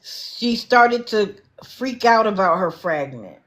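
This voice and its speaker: A woman's voice: mid-range voice, expressive, slow pace. Blunt, lecturing woman on a livestream. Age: adult, not young. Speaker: livestream commentator. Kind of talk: casual livestream commentary.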